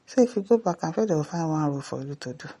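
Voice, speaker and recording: A woman with a Nigerian accent hosting an online show, reading out viewer comments and answering them in lively asides, dropping into Pidgin now and then. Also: low-pitched, rapid-fire, husky. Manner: animated, switches into Pidgin asides.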